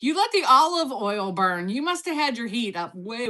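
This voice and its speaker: Lively, bright-voiced woman teasing her livestream chat. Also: fairly high pitch, normal speed. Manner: teasing, blunt and playful with viewers. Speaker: livestream host. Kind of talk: casual live-stream chat, answering viewer comments while cooking.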